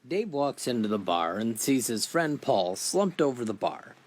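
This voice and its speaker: A man narrating a string of dirty jokes in a deadpan storytelling manner, briefly lifting his voice for the characters. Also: medium pitch, a little slow. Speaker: joke teller.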